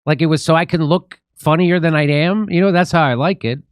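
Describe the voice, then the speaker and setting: A man's voice: on the high side, a little fast, smooth, no echo. A man hosting a talk show, chatting casually with a guest in a wry, joking way. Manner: wry, joking, chuckles at own lines. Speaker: show host and comedian. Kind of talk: casual political chat.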